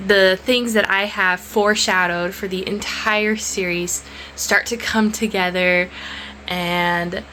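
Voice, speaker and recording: A young woman author talks casually to camera about her writing in a rough morning voice. She is emotional and chatty, and her voice sits at a middle pitch. A faint background hiss runs under the home recording. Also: bright, forceful tone. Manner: chatty, emotional, drops to whispers at times. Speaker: author vlogger. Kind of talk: casual vlog chat. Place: at home and outdoors.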